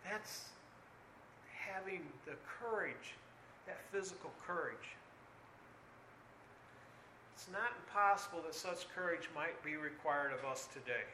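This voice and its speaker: An older man preaching a sermon earnestly, dropping low and quiet, then rising loud and urgent. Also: takes it slowly, pauses often, reverberant, slight background noise, low-quality recording.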